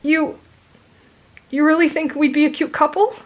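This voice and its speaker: A woman's voice: a little high, normal speed, highs cut off, voice pushed up, lightly acted. A woman voicing a shy, nervous teenage boy who stammers and apologizes, in a whispered role-play. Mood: flustered.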